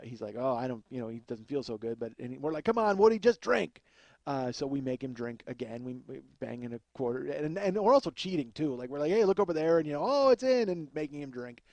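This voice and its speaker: A man's voice: medium pitch, brisk, few pauses, mellow, dry recording. A man telling a rambling, profane comic story as a podcast host, often laughing at his own tale. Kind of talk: comedic storytelling.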